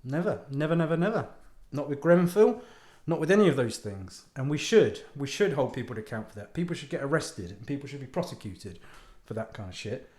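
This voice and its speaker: A man's voice: mid-range voice, very animated, brisk, darkish tone. A man, hosting his own podcast, rambling and ranting in a self-mocking way and swearing freely. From United Kingdom. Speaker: podcast host and author. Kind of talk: casual ranting monologue. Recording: echoey room.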